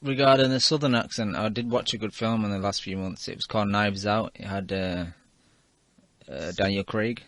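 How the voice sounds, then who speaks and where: A man's voice: fairly low pitch, steady tone, moderate pace, a bit bright, dry recording. Laid-back male podcast host, dry sound. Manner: laid-back, wraps up the show. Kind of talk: casual chat.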